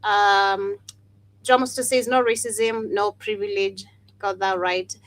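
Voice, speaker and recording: A woman's voice: mid-range voice, steady tone, slow, no room sound. A woman from Kenya, co-hosting a casual talk show and reading viewer comments aloud. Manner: reads chat comments aloud, laughs often. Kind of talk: casual podcast banter.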